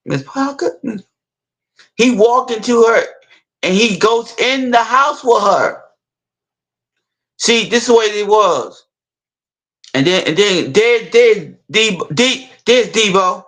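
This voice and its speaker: Over poor audio, a man with an animated, high, somewhat bright voice retells a film scene. He's a rambling storyteller who keeps stopping, starting over and repeating words.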